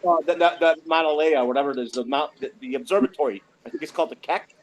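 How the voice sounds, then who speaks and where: A man's voice: fairly high pitch, quick pace, a little hiss or hum, low-quality recording. A man in a casual online group chat, explaining facts at length with frequent restarts. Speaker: hangout participant.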